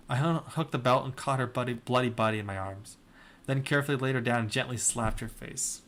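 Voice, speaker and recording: A man's voice: medium pitch, fast talker, fairly bright tone, a little hiss or hum. A young man hosting a video, reading fan fiction aloud in a dry comedic style with sarcastic asides. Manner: dry, breaks into laughter and asides. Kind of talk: comedic dramatic reading with commentary.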